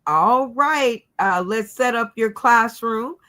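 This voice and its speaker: A woman's voice: on the high side, sharp tone. A woman hosting a comedy game show, speaking with many fillers and light giggles. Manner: slow, giggly, filler-heavy.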